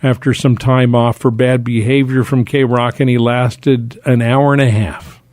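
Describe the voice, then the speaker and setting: A man's voice: mid-range voice, level tone, unhurried, darkish tone, no room sound, studio quality. A man who works as a radio programmer, telling anecdotes as an interview guest and acting out other people's voices. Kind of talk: storytelling interview.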